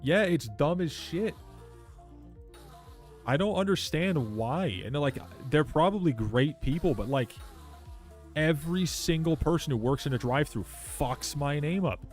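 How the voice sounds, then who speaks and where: A man's voice: on the high side, animated, a little slow, faint music behind. A young man chatting casually on a live stream, rambling and swearing as he rants and answers chat. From Canada. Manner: rambling, profane ranting while reading chat.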